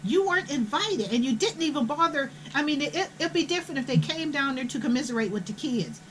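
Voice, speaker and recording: A woman's voice: sits high, animated, fast talker, fairly bright tone, a little hiss or hum, rough recording. An older woman, telling a family story in a blunt, profane, indignant way. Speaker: host. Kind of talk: casual storytelling.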